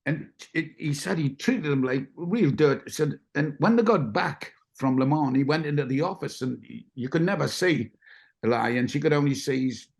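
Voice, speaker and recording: A male guest tells long, rambling anecdotes in a casual way. His voice is gravelly and sits fairly high, and he slips into the voices of the people he quotes. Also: normal speed. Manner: rambling, acts out quotes, laughs.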